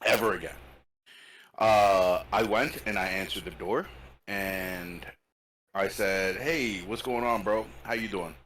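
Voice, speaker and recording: A man chatting casually as a podcast co-host, joking and swearing through lively stories. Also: on the low side, slow, rough recording. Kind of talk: casual chat.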